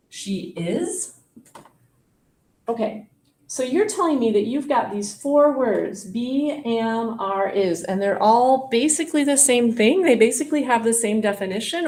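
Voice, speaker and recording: Slow, patient woman teaching grammar. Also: on the high side, a little mellow. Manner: patient, playful mock surprise, asks questions. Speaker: French teacher. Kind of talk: classroom teaching demonstration.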